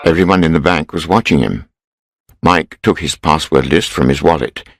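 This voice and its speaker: A man reading a story aloud in a steady, measured way for English learners. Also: rumbling low, dry recording, poor audio. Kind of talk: scripted storybook narration.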